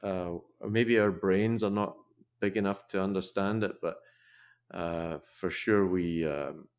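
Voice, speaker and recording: An older man with a very low voice talks as a guest on a podcast interview. He speaks reflectively and haltingly, often restarting his sentences. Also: steady tone, smooth. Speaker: podcast guest, probiotics researcher. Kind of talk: casual interview chat.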